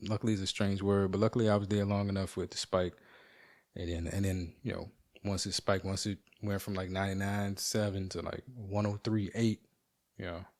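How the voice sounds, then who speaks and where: A man hosting a podcast at home, telling a rambling, animated, profane story in casual talk. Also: on the low side. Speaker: podcast host.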